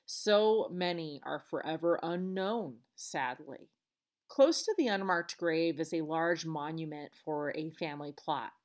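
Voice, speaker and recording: A woman's voice: low voice, measured pace. A woman hosting a podcast, retelling events alone in a chatty, earnest way with casual asides. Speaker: podcast host. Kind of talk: solo podcast storytelling.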